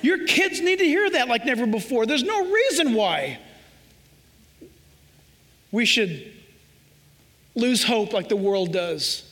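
A man's voice: extremely high pitch, expressive, takes it slowly, pauses often, a bit bright. A man from Southern California preaching a sermon, emphatic and conversational, acting out little scenes as he goes. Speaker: pastor. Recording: preacher in a reverberant hall.

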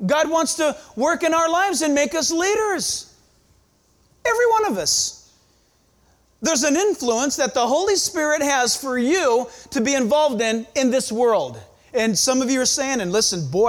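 A male pastor preaching a sermon in church, emphatic, with dramatic pauses. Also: very high voice, animated.

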